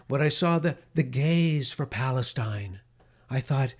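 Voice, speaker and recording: A man's voice: medium pitch, animated, a little slow. Impassioned middle-aged male radio host. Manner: impassioned, emphatic. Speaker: radio talk show host. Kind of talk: podcast monologue.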